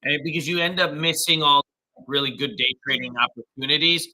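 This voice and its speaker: A man's voice: on the high side, brisk, bright, forceful tone, poor audio. A man hosting a live trading stream, greeting viewers with upbeat slang and walking through charts in casual commentary.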